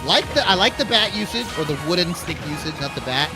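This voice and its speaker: An esports commentator giving animated, playful colour commentary on a fighting game match. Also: medium pitch, quick pace, music in the background. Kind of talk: color commentary.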